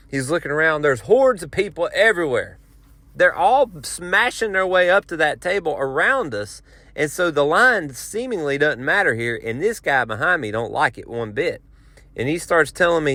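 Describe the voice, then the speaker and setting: A rambling, animated man telling a story. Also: on the high side, no room sound. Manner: rambling, animated, self-mocking. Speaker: podcast host. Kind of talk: casual storytelling.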